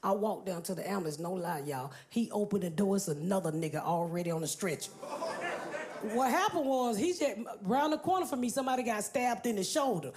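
A woman's voice: mid-range voice, expressive, brisk, a little mellow. Brash, profane woman doing stand-up. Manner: brash, profane, addresses the crowd directly. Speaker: stand-up comedian. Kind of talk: stand-up comedy storytelling. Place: comedy stage before an audience.

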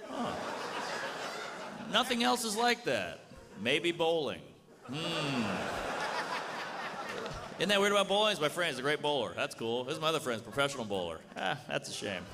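Performing wry stand-up with crowd work on a comedy club stage, an American man talks in a sing-song voice at normal speed, pausing often. He moves between bright remarks and low asides, and the live room carries audience and background noise.

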